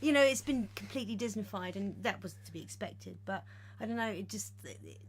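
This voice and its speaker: A woman's voice: mid-range voice, animated, brisk, breathy edge. A woman co-hosting a comic chat show in casual, easygoing banter.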